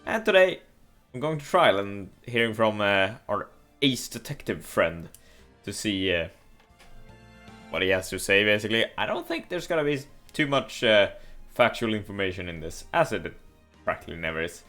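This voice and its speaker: A man chats casually over a game playthrough, loose and unscripted. His pitch swings a lot, and faint music sits beneath him. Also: normal speed. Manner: relaxed, swears casually. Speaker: let's play host.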